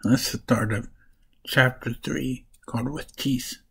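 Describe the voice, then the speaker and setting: Guy slowly going over comics he read, husky voice, kinda rambly. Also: mid-range voice, steady tone, poor audio. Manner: rambling, restarts and corrects names while summarizing. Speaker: comic book reviewer. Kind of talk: casual comic review vlog.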